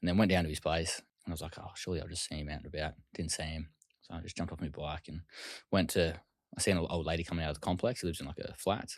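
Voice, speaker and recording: Casual Australian male guest; low voice, dry close sound, loose rapid delivery with swearing. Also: fairly even intonation, no room sound. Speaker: interview guest. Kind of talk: casual storytelling interview.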